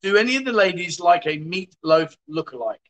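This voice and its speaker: A man's voice: high-pitched, animated, fairly quick, fairly bright tone, rough recording. A man hosting a casual livestream, reading out viewer comments with jokey, exasperated asides. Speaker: livestream host.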